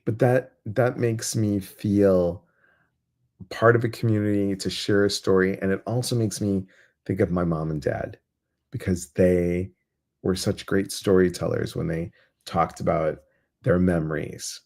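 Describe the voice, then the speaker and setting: A man hosting a live guided meditation, chatty and quick to laugh as he reads out viewer comments, then slowing into soft, soothing guidance. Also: sits low, steady tone, gravelly. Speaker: meditation host.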